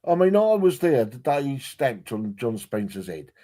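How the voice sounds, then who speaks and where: A man, chatting about football with mates on a podcast. He tells stories in an animated, sweary way, at an ordinary middle pitch. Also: normal speed. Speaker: podcast co-host. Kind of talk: casual chat.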